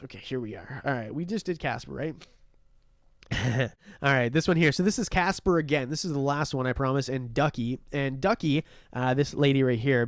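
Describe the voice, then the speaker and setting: A man's voice: medium pitch, no echo, studio quality. A young Canadian man hosting a casual livestream, rambling and reading out viewer comments as he thanks people. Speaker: livestream host. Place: warm room under a heat lamp.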